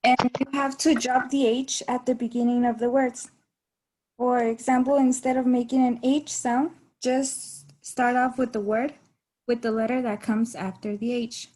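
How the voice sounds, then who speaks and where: A young woman, a native Spanish speaker, presents a class topic in English, explaining in steady, instructive sentences. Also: fairly high pitch, moderate pace, rough recording. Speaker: student presenter.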